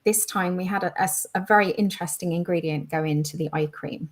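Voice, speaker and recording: A woman's voice: fairly low pitch, fast. A woman co-hosting a live online quiz, explaining in a chatty way with lots of "you know" and "sort of". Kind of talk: casual live-stream chat.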